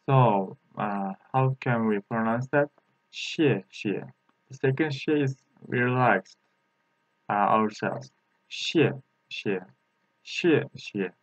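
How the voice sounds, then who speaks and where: His mid-range voice has no room sound, and the highs are cut off. This Turkish native speaker teaches a language lesson, hesitating with lots of fillers and slowly repeating sounds for practice.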